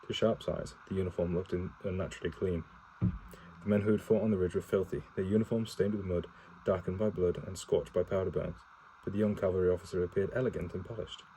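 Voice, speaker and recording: A man's voice: sits low, fairly even intonation, fast talker, mellow, a little hiss or hum, rough recording. A man reading a war novel aloud for his partner in a casual home read-aloud, stumbling and correcting himself, with swearing asides and no character voices.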